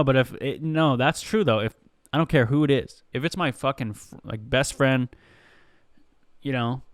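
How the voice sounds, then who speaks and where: A man's voice: medium pitch, clear, resonant tone, dry recording, studio quality. A man hosting a comedy podcast, telling stories in a rambling, profane, conversational way. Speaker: podcast host.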